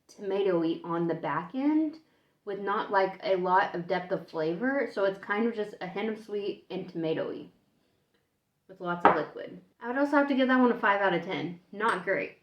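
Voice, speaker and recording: Woman from the US, casual food vlog, thinks aloud while tasting, roomy echo, slightly dull lo-fi sound. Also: mid-range voice. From United States. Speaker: food vlogger. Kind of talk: casual taste-test vlog. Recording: echoey room, dull lo-fi sound.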